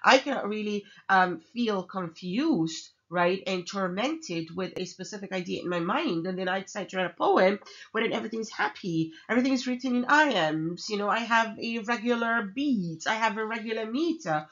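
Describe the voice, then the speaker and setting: A woman's voice: medium pitch, lively intonation, moderate pace, fairly bright tone. A woman giving a literature lecture in a chatty way, with many fillers and frequent "okay?" checks. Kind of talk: recorded online lecture. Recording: slightly dull lo-fi audio.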